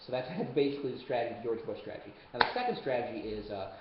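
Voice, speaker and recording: A man's voice: medium pitch, expressive. Young man coaching debate over a webcam. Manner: casual, joking, quick asides. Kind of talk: webcam lesson. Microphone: webcam mic. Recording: roomy, dull webcam audio, faint hiss.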